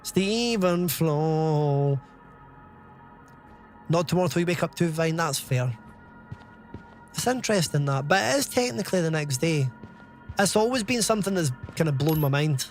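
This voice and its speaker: A man with a fairly high voice chats on a game live stream, drifting from topic to topic and laughing often. Soft game music plays faintly under his voice. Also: expressive, normal speed, long pauses. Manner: rambling, chatty, laughs often. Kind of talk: casual live-stream chat.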